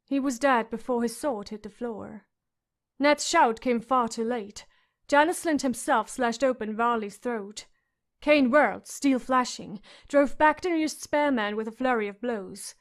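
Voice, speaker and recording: A woman's voice: on the high side, measured pace. Woman narrating a fantasy audiobook.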